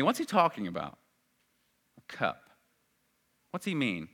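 A male preacher delivering a sermon with a bright, forceful tone. He speaks earnestly, and his voice rises loud and high when he stresses a point. His pitch sits in an average range for a man. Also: huge pitch swings, measured pace. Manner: earnest, swells loud and high at emphatic moments.

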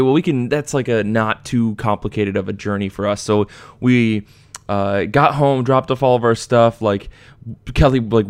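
A young man chats on his podcast in a lively, storytelling way, his pitch jumping around as he acts out the people in his anecdotes. His voice sits in an ordinary middle register. The recording is close and dry. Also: smooth, dry recording. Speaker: podcast host. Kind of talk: casual chat, storytelling.

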